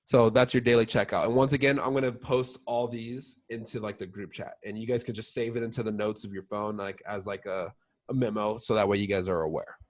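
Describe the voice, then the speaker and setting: A man's voice: on the low side, fairly even intonation, brisk. A young man coaching his sales team in a casual training talk, full of "like" and "all right?" check-ins. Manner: filler-heavy, keeps checking in with "all right?".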